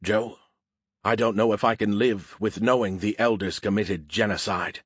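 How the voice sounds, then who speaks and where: A man's voice: lowish voice, steady tone, moderate pace, husky, no room sound, clean studio sound. A man voicing a boastful, moody male AI in a beer can, speaking formally without contractions in an audiobook reading. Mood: troubled.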